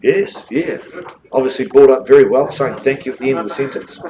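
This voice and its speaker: A man's voice: medium pitch, a little fast, warm tone, slight background noise, rough recording. A man with a New Zealand accent calling a live property auction, coaxing bidders with jokes between bid calls.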